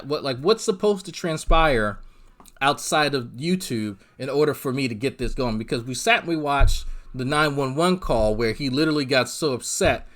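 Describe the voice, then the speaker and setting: A man's voice: medium pitch, fairly bright tone. Male streamer, mid-range voice; exasperated, sarcastic, profane drama commentary full of fillers. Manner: profane, rambling, frequent restarts and fillers. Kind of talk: ranting livestream commentary.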